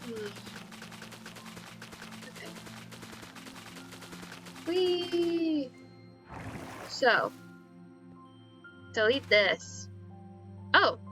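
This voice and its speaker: A young woman streaming a game, keeping up an excitable, self-mocking running commentary as she plays. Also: mid-range voice, moderate pace, creaky, pauses often, music in the background. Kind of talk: casual live-stream chatter while gaming.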